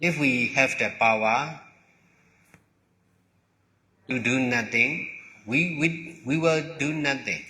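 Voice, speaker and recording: Slow, halting monk in an echoing hall. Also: male voice, mid-range voice, sharp tone. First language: Burmese. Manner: halting, repeats words, pauses between short phrases. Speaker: monk teacher. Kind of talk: slow dharma talk. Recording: long hall reverb.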